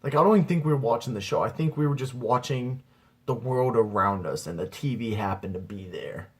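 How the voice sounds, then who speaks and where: Husky young guy telling a rambling comic story. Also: medium pitch, fairly quick. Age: young adult. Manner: rambling, says "dude" a lot. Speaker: amateur comedian. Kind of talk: stand-up storytelling.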